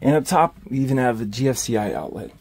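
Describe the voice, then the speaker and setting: A man's voice: mid-range voice, lively intonation, fast, darkish tone, a little hiss or hum. Upbeat man touring a camper van. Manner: upbeat, listing features as he points them out. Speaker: RV salesman giving a walkthrough tour. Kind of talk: casual walkthrough narration.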